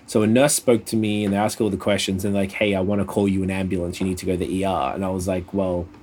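A man in pain telling a rambling, sweary story in casual chat over a call, sounding a little flat. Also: low-pitched, quick pace, slight background noise. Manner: laid-back, swears often, rambling. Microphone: video call.

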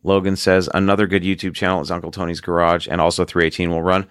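Man, deep voice, casual podcast host, rambling, laughs a lot, dry sound. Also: completely flat delivery, fast, smooth, no echo. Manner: rambling, laughs often, storytelling.

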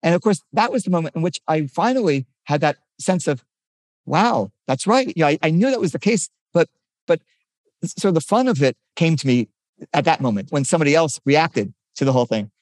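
Older guy talking fast about his science, kinda high voice, keeps restarting, dry close sound. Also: expressive, a little mellow, no echo. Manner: eager, quick explanations with frequent restarts. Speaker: physicist guest. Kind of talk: conversational interview.

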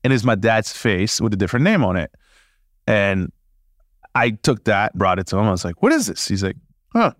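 A man, a podcast guest, telling stories casually in an animated way, laughing and acting out dialogue. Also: lowish voice, moderate pace, long pauses, no room sound, studio quality. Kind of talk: casual storytelling.

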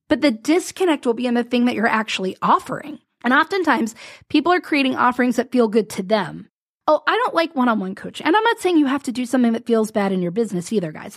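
Chatty woman podcast host and business coach, pitched a bit high, rambly asides, dry close mic. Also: no echo. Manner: chatty, rambling, self-interrupting with little laughs. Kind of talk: casual solo podcast talk.

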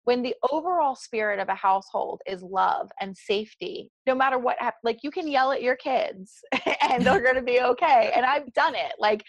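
A woman's voice: a little high, moderate pace, no echo. A woman in her forties with a South Jersey accent, a meditation guide talking earnestly in a podcast interview. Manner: earnest and animated, talks through examples.

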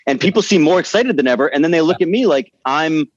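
A man's voice: on the high side, expressive, quick pace, no room sound. A man co-hosting an interview, earnestly asking long follow-up questions about his own experience. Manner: earnest, talks through his reasoning at length. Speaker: co-host. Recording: dry, dull lo-fi audio.

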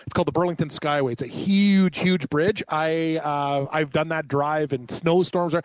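A man from Canada chats easily, laughing a lot and poking fun at himself as he talks. His voice is a touch high for a man, and the sound is dry and close to the mic. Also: steady tone, normal speed, dry recording. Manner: laughs often, self-deprecating, uses "like" a lot. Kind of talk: casual chat.

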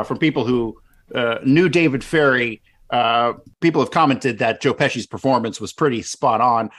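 A man's voice: medium pitch, fairly bright tone. A man hosting a talk show, speaking loosely with many fillers and restarts. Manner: loose, restarting, with lots of "uh" and "right?". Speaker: podcast host. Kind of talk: casual talk.

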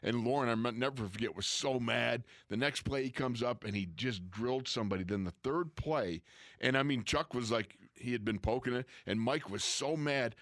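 A man's voice: mid-range voice, normal speed, no room sound, clean studio sound. A man, a former pro football player, casually telling locker-room stories and acting out the people he quotes. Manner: animated storyteller, acts out quoted coaches and players. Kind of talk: casual storytelling chat.

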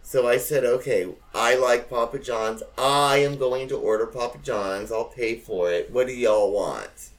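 A man's voice: medium pitch, steady tone, unhurried, few pauses. A man telling a family story in casual chat, swearing and mimicking relatives.

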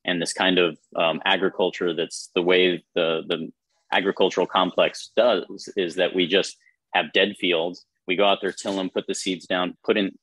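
A man's voice: deep voice, flat delivery, moderate pace, fairly bright tone, no echo. A man chatting casually and earnestly, rambling a little with many fillers. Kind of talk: casual chat.

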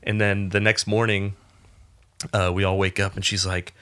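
A man with a rather low, bright, forceful voice, chatting loosely and swearing freely. He rambles through a story with plenty of fillers and jumps higher and louder when he quotes people. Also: normal speed, clear, resonant tone. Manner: laid-back storyteller, lots of fillers, swearing, animated when quoting. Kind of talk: casual chat, storytelling.

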